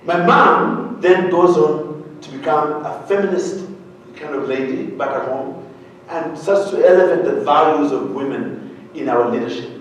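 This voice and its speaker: A man's voice: a little high, unhurried, slight background noise. A man from Uganda giving a humorous storytelling keynote, quizzing his audience as he goes. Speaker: keynote speaker. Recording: very echoey hall, voice far from mic.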